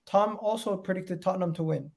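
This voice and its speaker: Male host, high voice with gravel, lively football banter. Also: fairly quick. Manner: animated, reads out chat predictions. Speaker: podcast host. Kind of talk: casual football chat.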